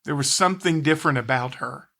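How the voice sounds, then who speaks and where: A man hosting a podcast interview, speaking sincerely but haltingly, often repeating words. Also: medium pitch, gravelly, bright, forceful tone. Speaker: podcast host. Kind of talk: conversational interview.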